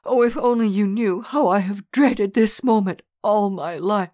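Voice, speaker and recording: A reader voicing a terrified dying woman, her words hoarse, jerky and tremulous, half-whispered. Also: mid-range voice, unhurried, a little mellow, no echo, studio quality, voice pushed up, natural voice. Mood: desperate.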